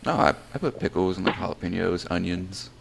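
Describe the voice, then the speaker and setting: Low gravelly laid-back man. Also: brisk, background noise. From born in New Jersey, raised in Florida. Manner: laid-back, swears casually. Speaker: podcast co-host. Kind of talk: casual chat.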